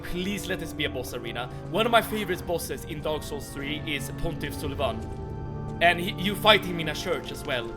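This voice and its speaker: Swedish-accented man, young, high voice, bouncy lively intonation, chatty stumbling gamer, game music behind. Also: moderate pace. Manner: stumbling, repeats words as he starts, chatty. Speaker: streamer. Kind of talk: casual gameplay chat.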